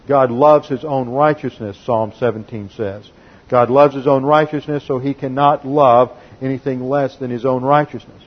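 A man's voice: medium pitch, slightly rough, lo-fi sound. A man giving a methodical sermon that teaches doctrine step by step and reads scripture aloud. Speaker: pastor.

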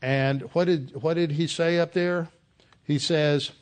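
A man's voice: fairly high pitch, fairly even intonation, takes it slowly, smooth. Earnest man preaching a Bible sermon. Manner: emphatic, earnest teaching.

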